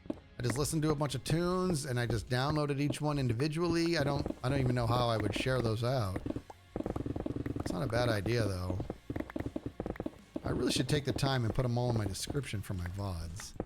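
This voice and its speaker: A man's voice: medium pitch, fairly quick. Chatty middle-aged male streamer. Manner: rambling and chatty, self-interrupting and repeating words. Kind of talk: casual live-stream chat while gaming. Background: background music.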